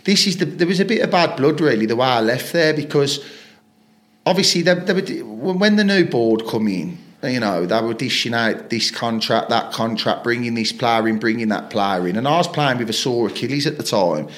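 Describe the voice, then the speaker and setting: A man's voice: mid-range voice, animated, moderate pace. Chatty man telling stories. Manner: rambling anecdotes, frequent swearing, acts out quoted lines. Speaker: podcast guest, footballer. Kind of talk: casual storytelling interview.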